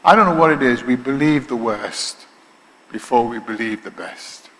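A man with a Liverpool accent preaches a sermon, his bright, forceful voice ringing through a big hall with a long reverb. He drops into quiet, chatty asides, then swells into loud, slow, stretched-out declarations. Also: medium pitch. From Liverpool, England.

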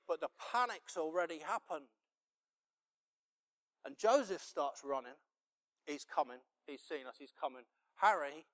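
Impassioned preacher, fairly high voice. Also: male voice, unhurried, long pauses. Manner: storytelling, builds to loud impassioned preaching. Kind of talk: sermon.

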